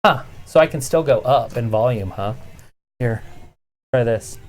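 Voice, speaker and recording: A man's voice: medium pitch, measured pace. Man chatting casually on a livestream. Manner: fiddly, explains audio setup, reacts to matches. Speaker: stream co-host. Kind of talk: casual chat and wrestling watch-along. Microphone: studio mic with pop filter.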